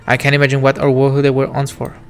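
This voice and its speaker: A man's voice: mid-range voice, completely flat delivery, quick pace, clean tone. A man streaming a narrative game, reading its first-person text in a reflective, wistful way. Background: faint game music.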